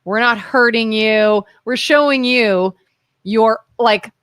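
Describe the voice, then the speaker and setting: A woman's voice: fairly high pitch, slow, a bit bright, clean tone, dry recording. A woman co-hosting a live talk radio show, telling stories animatedly, acting out quotes and asking pointed questions.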